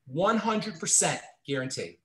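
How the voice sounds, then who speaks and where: A man's voice: on the high side, expressive, a little slow, pushed and bright. A man hosting a radio health show, giving earnest, encouraging advice to callers in a Q&A.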